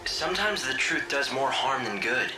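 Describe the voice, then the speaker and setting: An earnest young companion in a video game voiced by an actor, eager to help, in a mid-pitched voice. Music plays clearly behind him. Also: male voice, animated, normal speed, close to an everyday voice. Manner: earnest, helpful.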